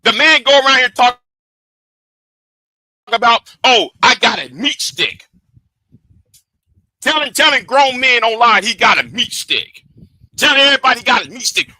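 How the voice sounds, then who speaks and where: In a very high voice with lively intonation, a man on a livestream lays into a rival he speaks to directly, swearing angrily at normal speed and leaving long pauses. The sound is sharp, dry and low-quality, coming from a streaming setup.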